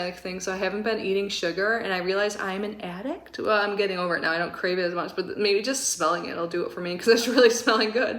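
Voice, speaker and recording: A woman in her thirties chatting through a casual unboxing, gushing and excitable with lots of fillers. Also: mid-range voice. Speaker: subscription box reviewer.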